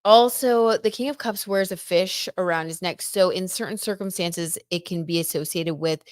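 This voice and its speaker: A woman's voice: fairly low pitch, normal speed, no room sound, studio quality. A young woman hosting a casual live tarot reading, chatty and gushing, with lots of "like" and "oh my gosh". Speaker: tarot reader and live stream host.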